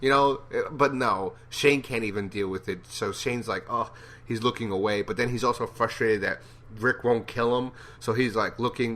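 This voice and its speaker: A man's voice: mid-range voice, moderate pace, fairly bright tone. A man giving a casual, rambling TV episode review, blunt and profane in his opinions. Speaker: TV show reviewer.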